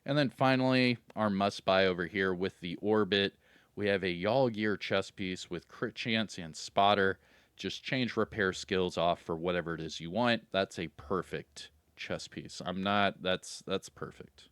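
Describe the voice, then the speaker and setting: A man's voice: sits low, unhurried, a bit bright, clear, resonant tone, no echo. A man hosting a gaming video, casually running through in-game vendor items and getting hyped about good loot.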